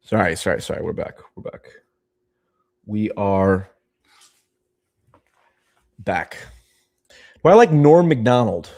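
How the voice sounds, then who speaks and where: A man's voice: fairly low pitch, big pitch swings, takes it slowly, long pauses, dark tone. A man hosting a livestream in casual chat, rambling and often cutting himself off mid-sentence. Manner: rambling, self-interrupting, chatty. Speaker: livestream host.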